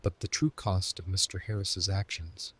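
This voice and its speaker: A man telling a first-person horror story as scripted narration, in a steady, even way. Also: low voice, moderate pace, breathy edge.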